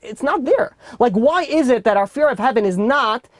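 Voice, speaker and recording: A man's voice: extremely high pitch, expressive, normal speed, dry recording. New york rabbi guy, casual chatty class talk, lots of fillers, dry close sound. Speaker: rabbi teaching a weekly class. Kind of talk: informal Torah class.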